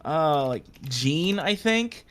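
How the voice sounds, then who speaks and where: A man's voice: on the high side, animated, takes it slowly, a bit bright. A man running a tabletop game as game master, chatting loosely and swearing between laughs. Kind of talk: casual game narration.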